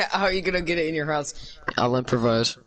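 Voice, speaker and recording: A man's voice: fairly high pitch, fairly bright tone. A young man in a casual chat with friends, joking, laughing often and swearing freely.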